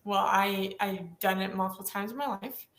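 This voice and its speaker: A woman co-hosting a webinar over a video call, asking quick playful questions and teasing her guests. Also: mid-range voice, fairly even intonation, fairly bright tone, roomy sound, low-quality recording. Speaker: webinar co-host asking lightning round questions. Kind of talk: casual video-call chat.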